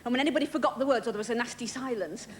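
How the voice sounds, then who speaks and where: Talking very fast in a slightly high voice, a female comic works a large theatre stage with dry, self-mocking humor. The clip is from a noisy 1980s television broadcast, audience included.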